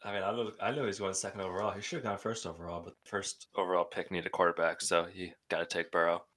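Male podcast host, low voice, teasing and quick to laugh. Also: flat delivery, a bit bright. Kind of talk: casual podcast chat.

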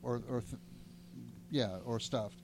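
A man's voice: medium pitch, slow, a little mellow, soft background music. A man from Chicago in casual chat, explaining at length in a rambling, self-mocking way.

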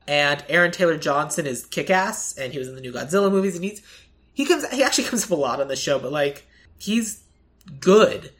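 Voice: mid-range voice, expressive, fairly quick, fairly bright tone. A podcast co-host in casual chat, rambling with lots of fillers and acting out quoted lines.

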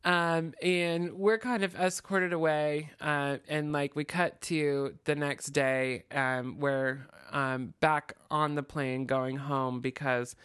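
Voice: mid-range voice, a bit bright, clean tone, no room sound. Podcast host rambling thru a story, lots of um and like, dry close mic. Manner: rambling, many fillers and restarts. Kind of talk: casual storytelling chat.

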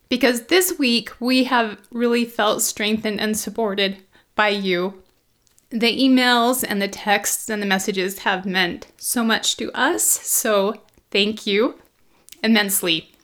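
A woman in her forties hosting a solo podcast from a home basement, speaking warmly and emotionally to her listeners. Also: fairly high pitch, steady tone, unhurried. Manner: warm, emotional, choking up with laughter. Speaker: podcast host.

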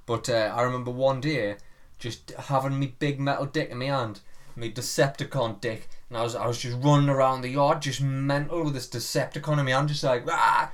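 A man's voice: mid-range voice, steady tone, fairly quick. A man, co-hosting a casual comedy podcast and telling rambling childhood stories, swearing freely. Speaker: podcast co-host.

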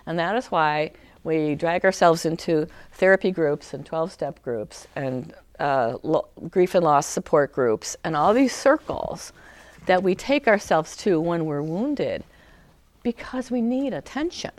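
A woman giving a conversational talk about emotional healing. She speaks with many fillers and restarts, and she sometimes acts out a crying child in a high shout. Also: expressive, unhurried, no echo. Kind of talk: talk to a small group.

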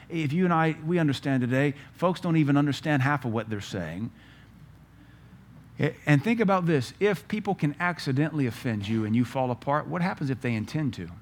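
Animated preacher man. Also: mid-range voice, slight background noise. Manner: animated storytelling preacher with rhetorical questions. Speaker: pastor. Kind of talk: sermon.

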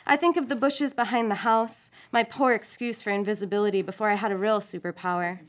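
A woman reading a first-person short story aloud, with an expressive, playful delivery and wry asides. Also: mid-range voice, a little fast. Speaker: story reader.

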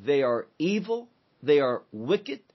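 A man teaching through a psalm verse by verse, deliberate and emphatic, building his points in lists. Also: on the high side, big pitch swings. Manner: slow, deliberate, emphatic with listed phrases. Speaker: Bible teacher. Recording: dull lo-fi recording.

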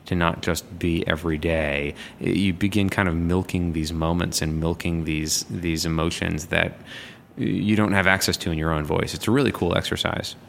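Low-voiced man, reflective and fluent. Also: creaky, fairly bright tone, slight background noise. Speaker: improv performer. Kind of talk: casual conversation.

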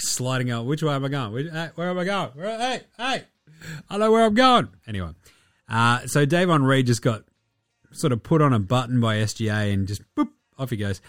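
Australian male podcast host, loose and sweary banter, mid-pitched, dry close mic. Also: no room sound. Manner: jokey, sweary and rambling. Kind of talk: casual basketball podcast chat.

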